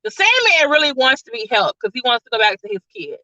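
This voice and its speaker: High bright-voiced woman reviewing a movie. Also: big pitch swings, fast, dry recording, muffled recording. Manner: rambling, full of "like" and "all of a sudden". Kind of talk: casual spoiler-filled plot recap.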